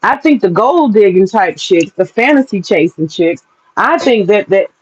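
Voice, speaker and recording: A woman's voice: mid-range voice, animated, normal speed, slightly rough. Frank, laughing woman vlogger, lo-fi. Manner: frank, profane, laughs often. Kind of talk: casual opinion monologue.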